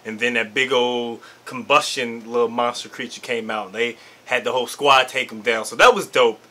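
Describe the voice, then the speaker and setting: A man doing an excited, casual reaction commentary to an anime episode, hyped and slangy, laughing often. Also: mid-range voice, normal speed.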